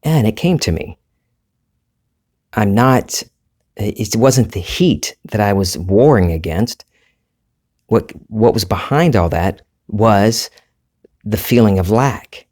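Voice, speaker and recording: A man with a Southern US accent, hosting a solo podcast and talking in a relaxed, rambling, conversational way. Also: lowish voice, slow pace, pauses often. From Southern United States. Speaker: podcast host. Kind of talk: reflective solo podcast monologue.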